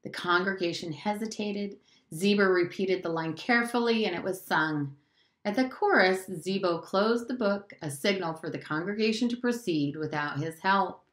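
A woman teacher reading a novel aloud in a steady, clear storytelling voice. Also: mid-range voice, moderate pace. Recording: roomy echo.

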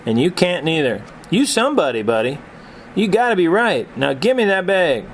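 A man's voice: a little high, sing-song, normal speed, a little hiss or hum, voice pushed up. A man voicing a proud, commanding older brother who talks in a firm, folksy way. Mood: insistent.

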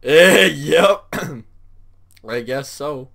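Excitable young man, slow bright voice. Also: on the high side, vocal fry. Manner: excitable, disbelieving, exclamatory. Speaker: gamer recording himself. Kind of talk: casual reaction commentary.

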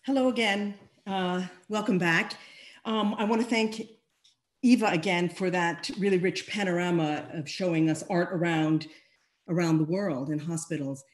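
A woman's voice: fairly low pitch, steady tone, normal speed. A woman hosting an arts panel, handing over to the next speaker with a few fillers. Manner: friendly, with fillers. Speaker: panel convener and host. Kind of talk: introducing speakers at an online panel.

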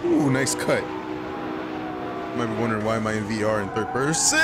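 A gaming YouTuber gives rambling, excitable gameplay commentary in a lowish voice at a moderate pace, with long pauses, frequent swearing and plenty of filler. Loud game music and car engine sounds play behind his voice.

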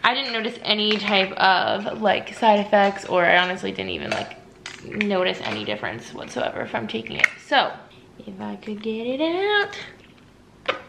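A woman's voice: medium pitch, sing-song, normal speed, vocal fry, noisy background. A young woman vlogging casually at home, chatty and full of "like" fillers. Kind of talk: casual personal vlog.

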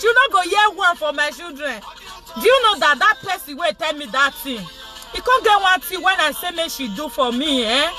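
A middle-aged Nigerian woman speaking Pidgin-tinged English, hosting a casual live chat with her viewers in an animated, repetitive way. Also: very high voice, normal speed, over music. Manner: animated, repetitive, laughing often. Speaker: vlogger, show host.

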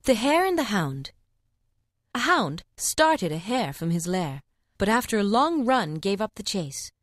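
A woman narrating fables for an audiobook in a measured, expressive reading. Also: medium pitch, no room sound, clean studio sound. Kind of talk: scripted storybook narration.

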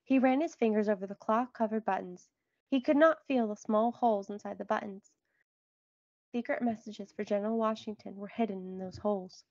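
A woman reading a children's book aloud in a clear, expressive storytelling voice. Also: mid-range voice, fairly quick, no room sound, lo-fi sound. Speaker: read-aloud narrator.

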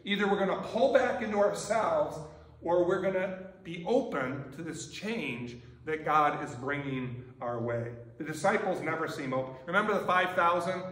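A man preaching a sermon as pastor, talking in a relaxed, conversational way and often checking in with "right?". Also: on the high side, moderate pace. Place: church sanctuary. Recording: echoey church from far off.

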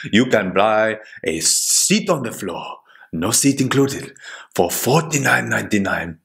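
A cheeky cut-price airline boss, played by a man who sells absurd seats in a low, unhurried salesman's patter. He pitches every deal with slow, boastful pride.

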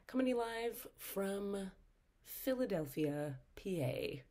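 A woman, a spiritual teacher, chatting casually through a tarot card reading in a sleepy, breathy morning voice. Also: medium pitch, takes it slowly. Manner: chatty and animated, with many fillers. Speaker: spiritual teacher and energy healer.

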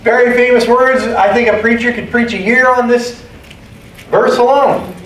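A man's voice: extremely high pitch, fairly even intonation, moderate pace, fairly bright tone, slight background noise. A man preaching a sermon as pastor, emphatic, repeating key phrases and calling for amens. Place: church sanctuary. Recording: echoey room, distant mic, faint ambience.

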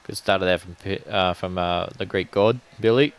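A man commentating a lawn bowls livestream in relaxed, jokey banter. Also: low-pitched, normal speed, clean tone. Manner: laid-back, jokey banter.

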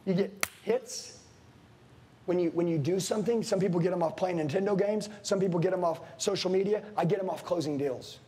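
A man with a high-pitched voice delivers a fired-up sales seminar. He is blunt and preachy, swears casually, and keeps turning to the crowd in front of him. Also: fairly quick, warm tone, slight background noise. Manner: intense, preachy, swears casually, addresses the room directly. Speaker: sales trainer. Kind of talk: motivational seminar speech. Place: room with a live audience.

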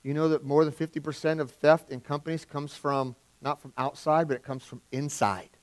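Middle-aged male pastor, slightly raised pitch, conversational sermon with big swings in loudness. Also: steady tone, a little fast. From California. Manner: conversational preaching, swings from loud emphasis to quiet.

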